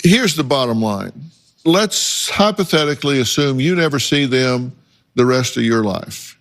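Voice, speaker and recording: A man hosting a TV talk show, lecturing a guest bluntly with slow, emphatic delivery. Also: medium pitch, expressive.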